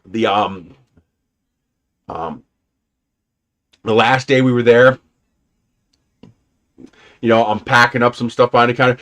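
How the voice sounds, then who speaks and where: A man's voice: medium pitch, fairly even intonation, takes it slowly, long pauses, a bit bright. Rambling, laid-back man telling stories. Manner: rambling storyteller, laughs often, swears casually. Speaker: livestream host. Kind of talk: casual rambling livestream chat.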